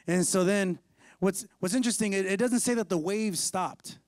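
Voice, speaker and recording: High-voiced man preaching with a playful tone. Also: normal speed, darkish tone, no room sound, studio quality. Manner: playful storytelling, casual slang. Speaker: pastor. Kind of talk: sermon. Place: church.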